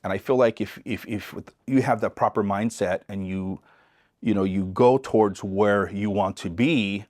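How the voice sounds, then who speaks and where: Animated storytelling man, fairly low voice. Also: moderate pace. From East Los Angeles. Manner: animated storyteller who acts out other people's voices; restarts and repeats words often. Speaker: podcast guest. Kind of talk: casual storytelling interview.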